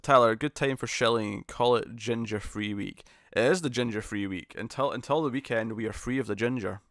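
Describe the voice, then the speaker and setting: A man hosts a live stream and reads out viewer comments in a relaxed, conversational way. He pokes fun at himself and laughs easily. His voice sits at an ordinary middle pitch, recorded close and dry. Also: brisk, dry recording. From United Kingdom. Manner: chatty, self-deprecating, laughs often. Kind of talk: casual live chat reading viewer comments.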